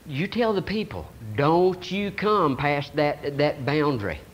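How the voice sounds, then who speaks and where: Man putting on the voice of God, stern, solemn, deep and hushed, within a sermon. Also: lively intonation. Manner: slow, grave, hushed.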